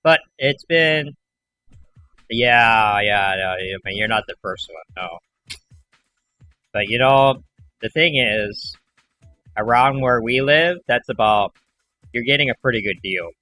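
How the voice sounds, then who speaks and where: A man hosting a livestream, chatting casually in a rambling way and acting out callers in animated voices. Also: mid-range voice, slow, long pauses, faint music behind. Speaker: livestream host.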